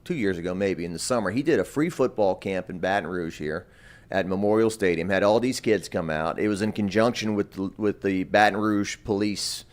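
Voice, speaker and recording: A man's voice: low voice, a little fast. Rambling man, stop-start sports talk. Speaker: sports reporter guest. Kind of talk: casual sports radio chat.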